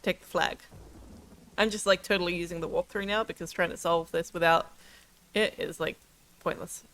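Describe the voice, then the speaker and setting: A woman's voice: lowish voice, steady tone, normal speed, a bit bright. A woman streaming a game, giving casual, giggly commentary. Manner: giggly, chatty.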